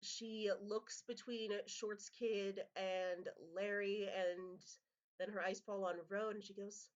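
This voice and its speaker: Slow-talking woman game master. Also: mid-range voice, muffled recording. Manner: relaxed, rambling narration with fillers. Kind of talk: narrating a tabletop game.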